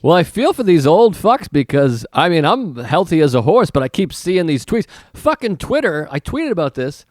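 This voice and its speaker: A man's voice: on the high side, very animated, normal speed, hardly any pauses, a little mellow, no echo, clean studio sound. A man in casual podcast banter, crude and swearing, joking freely.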